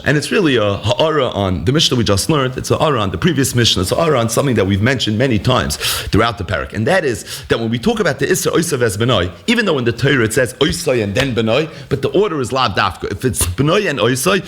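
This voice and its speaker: A man's voice: on the low side, a bit bright, breathy edge. A man teaching a daily Talmud lesson, explaining step by step and asking and answering his own questions.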